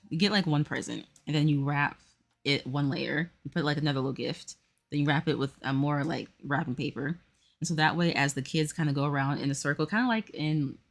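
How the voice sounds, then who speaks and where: A woman hosting a puzzle livestream, chatting casually and rambling with lots of fillers while she talks to her viewers. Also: sits low. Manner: talks to chat while working a jigsaw.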